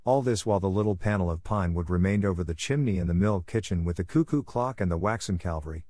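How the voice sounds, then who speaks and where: A man reads a classic tale aloud in a steady, measured audiobook voice. His voice sits low. The recording is close and dry, with no room sound. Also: no room sound. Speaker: narrator. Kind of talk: scripted audiobook narration.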